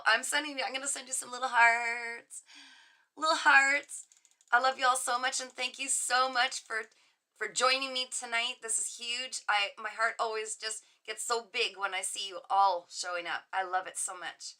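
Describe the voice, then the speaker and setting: A woman's voice: fairly high pitch, steady tone, normal speed. A middle-aged woman hosting a casual livestream from her home office, chatting on and gushing at her viewers with frequent laughs. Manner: effusive, gushing and warm toward viewers. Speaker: livestream host and psychic reader. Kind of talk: casual livestream chat reading viewer comments.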